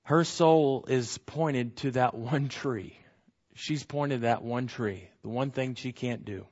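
A man giving a conversational Bible teaching, animated, asking rhetorical questions and acting out the quotes he reads. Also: mid-range voice, takes it slowly, muffled recording.

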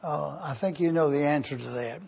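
A man teaching a sermon slowly and deliberately, repeating points for review. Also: a little high, vocal fry, a little mellow, slightly rough. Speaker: preacher. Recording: dull lo-fi recording.

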